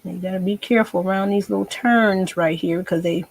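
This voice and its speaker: A woman's voice: mid-range voice, fairly even intonation, a little fast, no room sound. A woman, chatting folksily to viewers and herself while teaching a painting tutorial. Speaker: painting instructor.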